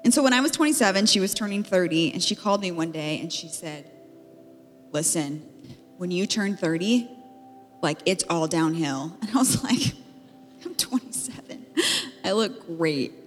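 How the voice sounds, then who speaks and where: A woman's voice: fairly low pitch, expressive, moderate pace. A woman in her thirties giving a chatty, playful conference talk from a stage, reading scripture and telling stories about her life. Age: 30s. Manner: chatty and playful, with lots of "like" and laughter. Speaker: podcast co-host speaking at a marriage conference. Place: conference stage in a large hall. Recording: live hall recording with reverb and music under it.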